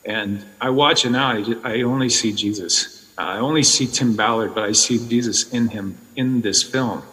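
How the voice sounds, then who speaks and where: A man's voice: medium pitch, bright, forceful tone. Fervent older man speaking in a hall. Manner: halting and fervent, rising to passionate. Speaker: actor speaking at an event. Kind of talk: emotional speech to an audience. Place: large indoor venue.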